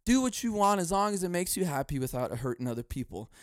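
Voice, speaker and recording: A man hosting a casual solo podcast, ranting and swearing freely, jumping between mock outrage, laughter and low muttered asides. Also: very animated, quick pace, no room sound. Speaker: podcast host.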